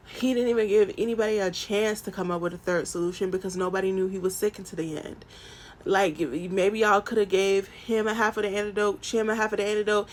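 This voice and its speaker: A woman from the American South, talking through a TV episode in casual solo commentary, animated and profane, swinging from loud outbursts to soft murmurs. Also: medium pitch.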